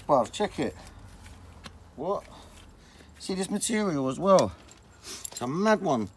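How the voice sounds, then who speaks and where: A young man, chatting casually and excitably on a vlog, full of slang. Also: on the high side, slow, pauses often, slight background noise. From England. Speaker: vlogger.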